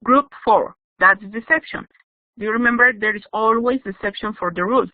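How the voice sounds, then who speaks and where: A woman's voice: on the high side, a little fast, dry recording. A woman teaching English grammar in an online class, explaining patiently and checking in with "yes?". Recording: dry, tinny phone-like audio.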